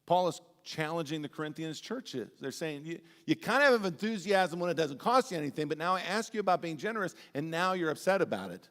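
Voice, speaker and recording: A man preaching a sermon as pastor, telling animated, humorous stories with big swings in his voice. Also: on the high side, brisk, hardly any pauses. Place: church sanctuary. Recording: long church-hall reverb.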